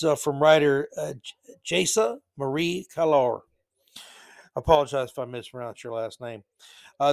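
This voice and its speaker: A man's voice: fairly high pitch, no room sound. A man hosting a solo opinion podcast, ranting bluntly and sarcastically and throwing in corny jokes. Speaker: podcast host.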